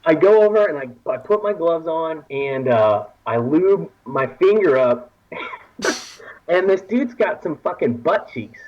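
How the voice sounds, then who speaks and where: Husky Texan man telling a raunchy story. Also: fairly high pitch, lively intonation, unhurried, muffled recording. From Texas. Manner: laughing often, acting out quoted voices. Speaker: podcast guest. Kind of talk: casual storytelling.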